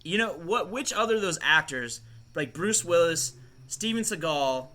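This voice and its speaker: A man's voice: on the high side, expressive, normal speed, sharp tone. A man co-hosting a podcast, chatting casually and rambling with lots of swearing and laughter. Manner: rambling, profane, laughs often. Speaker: podcast co-host. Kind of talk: casual chat.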